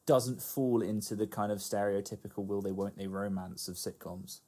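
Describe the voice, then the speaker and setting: Mellow, lowish male voice, relaxed podcast co-host, agreeable and laughing. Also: moderate pace. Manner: agreeable, laughs often, trails into asides. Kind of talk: casual chat about a TV show.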